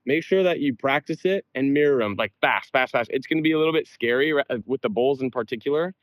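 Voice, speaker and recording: A man's voice: mid-range voice, fast talker, no room sound. Male sales veteran, casual call-in guest, loose "like"-heavy delivery, dry recording. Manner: casual, peppers talk with "like" and "right?"; acts out doorstep exchanges.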